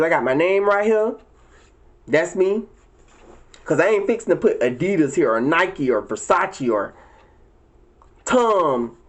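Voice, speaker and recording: A man ranting and preaching profanely. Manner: profane, preachy and emphatic, with repeated words; leaps into high, shrill exclamations. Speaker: vlogger. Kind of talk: casual ranting monologue to viewers.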